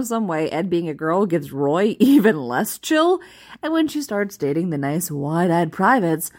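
A woman casually reading a fan-written post aloud, amused and expressive. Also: mid-range voice. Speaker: reader.

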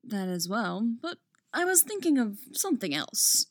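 A woman voicing a cold, menacing older male count, measured and calm, in a dry recording. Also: fairly high pitch, dry recording, full character voice. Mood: cool.

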